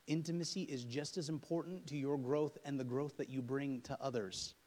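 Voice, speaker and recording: A man preaching a sermon with humor, swinging from loud emphatic passages to quiet asides and acting out couples' quarrels. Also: mid-range voice, fairly even intonation, normal speed. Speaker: pastor. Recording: long hall reverb.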